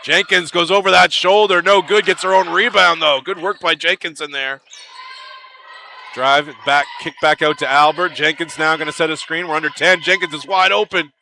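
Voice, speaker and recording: A man calls a basketball game live from an arena broadcast position. His voice is fairly high and very bright, and his delivery is chatty and lively, rising into excited calls on big plays. A faint background hiss sits under his voice. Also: normal speed, creaky. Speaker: play-by-play commentator.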